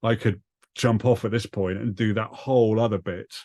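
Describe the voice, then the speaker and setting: Man, comedy writing teacher, low voice, relaxed explaining, video call mic, dry. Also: moderate pace, no room sound. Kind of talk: class breakdown over video call.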